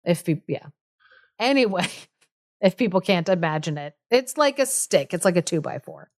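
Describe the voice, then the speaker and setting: A woman's voice: on the low side, lively intonation, moderate pace. A woman podcast co-host retelling a folk tale in a chatty, amused way with many fillers. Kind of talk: casual storytelling chat.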